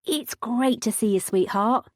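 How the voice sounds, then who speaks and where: A woman's voice: fairly high pitch, measured pace, no room sound, clean studio sound, pitched above the performer's own voice, close to an everyday voice. A woman voicing an easygoing older father in an audiobook, speaking genially to his daughter. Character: friendly, mild-mannered older father. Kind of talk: audiobook character reading.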